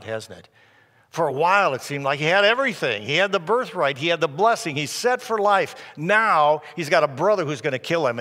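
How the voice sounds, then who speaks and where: A male pastor retelling a scripture story in a sermon, dramatic, dropping soft at tense moments. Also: fairly high pitch. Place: church sanctuary. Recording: long reverb of a large hall.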